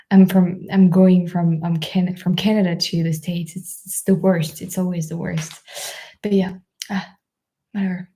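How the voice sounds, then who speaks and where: Chatty French-accented woman, mellow voice. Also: lowish voice. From France. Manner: chatty, many fillers and restarts, laughs often. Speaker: live stream host reading chat. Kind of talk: casual live stream chat.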